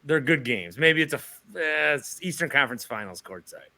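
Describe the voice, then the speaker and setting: A man's voice: medium pitch, expressive, sharp tone. A man hosting a sports podcast, cracking jokes and bantering with his guest. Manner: joking, quick banter. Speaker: podcast host. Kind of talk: casual sports chat.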